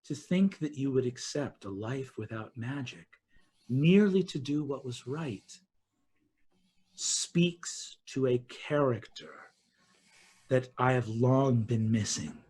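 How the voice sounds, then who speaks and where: A man voicing a towering, wistful fae queen of dusk in a tabletop game, speaking softly and with measured formality. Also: fairly high pitch, sing-song, husky, exaggerated voice. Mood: solemn, tender. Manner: soft, measured, stately.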